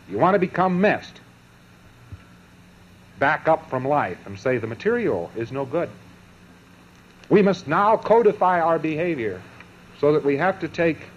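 A man giving a lecture to a live audience, emphatic and sardonic, breaking his points into short phrases with pauses and mocking asides. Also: fairly high pitch, highs cut off, slight background noise.

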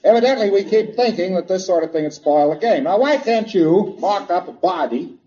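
Man lecturing in a mellow voice. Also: high-pitched, animated, moderate pace. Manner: chatty, humorous storytelling. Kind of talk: lecture with anecdotes. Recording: dull lo-fi recording.

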